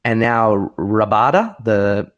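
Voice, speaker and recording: An Australian man co-hosts a casual chat with a lowish voice, full of fillers and restarts. He raises his voice to act out the lines he quotes. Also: expressive, takes it slowly, a bit bright, muffled recording. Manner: rambling with many fillers and restarts. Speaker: podcast co-host.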